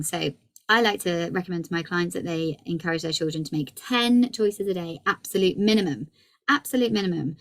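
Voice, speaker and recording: Low-pitched woman, 30s, upbeat workshop presenter coaching parents. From England. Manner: lively and encouraging, acts out child dialogue. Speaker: early communication practitioner.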